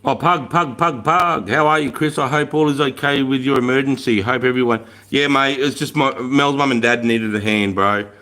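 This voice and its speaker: A middle-aged man with an Australian accent hosts a relaxed livestream. He talks bluntly and casually, peppering his talk with slang and swearing. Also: medium pitch, moderate pace, hardly any pauses. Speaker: livestream host.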